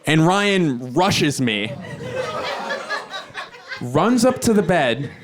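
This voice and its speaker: A man in his thirties doing stand-up storytelling on a theater stage, animated and jumping into high squeaky voices. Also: very slow, crowd noise. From Philadelphia, USA. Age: 30s. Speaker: stand-up comedian. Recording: loud audience laughter behind.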